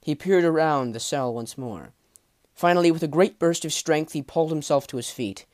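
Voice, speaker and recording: A man narrating a fantasy audiobook in a measured, dramatic way, dropping low at the ends of phrases. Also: darkish tone. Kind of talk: storybook narration.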